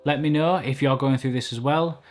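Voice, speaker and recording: A man's voice: medium pitch, normal speed. A man talking openly and reflectively to camera in a personal vlog, recorded indoors at home. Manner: open, reflective, self-critical. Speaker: vlogger. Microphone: camera mic at desk.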